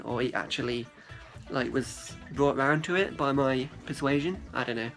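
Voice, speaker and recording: With faint music behind him, a young man speaks at a medium pitch in a slightly bright voice. He's a vlogger addressing a friend, rambling casually and profanely and frequently acting out what others said.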